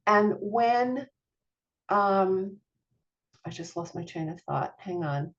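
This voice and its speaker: A woman's voice: mid-range voice, lively intonation, takes it slowly, long pauses, highs cut off. A middle-aged woman, a parent coach, giving an online masterclass in an earnest, encouraging, chatty way with small laughs.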